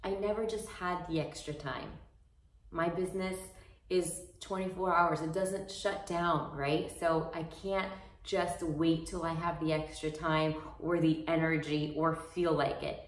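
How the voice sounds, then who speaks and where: A woman's voice: deep voice, fairly even intonation, a little slow. A woman fitness coach giving an earnest, encouraging motivational talk that rambles with restarts. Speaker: fitness coach and business owner. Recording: roomy echo, mic far off.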